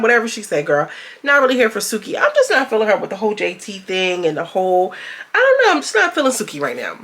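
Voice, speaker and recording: A woman giving a casual, slangy recap of a reality show, often jumping into high, mocking voices to quote the cast. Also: huge pitch swings, quick pace, a bit bright. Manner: chatty, slangy, jumps into high mocking voices when quoting. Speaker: show reviewer.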